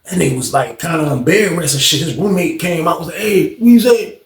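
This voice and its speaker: A man telling a story casually and animatedly, jumping up in pitch to act out other voices. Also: fast, a crowd in the background. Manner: animated, acting out voices with big pitch jumps. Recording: echoey room.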